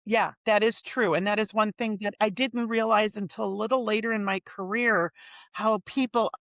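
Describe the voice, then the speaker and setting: A woman in her forties speaks as an interview guest, frank and emphatic, bringing her stories alive by acting out what people said. Her pitch is middle-of-the-road. The recording is dry and close-miked. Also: steady tone, moderate pace, fairly bright tone, dry recording. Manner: frank, emphatic storyteller who acts out quotes. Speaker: guest, finance executive. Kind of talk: casual conversational interview.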